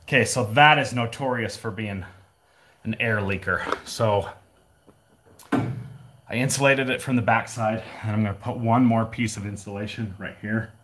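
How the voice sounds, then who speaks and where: Male vlogger, lowish voice, winded, rambling how-to talk while working. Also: measured pace, fairly bright tone, a little hiss or hum. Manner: chatty, rambling, jokey asides. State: out of breath. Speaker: DIY vlogger. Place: unfinished shed, indoors.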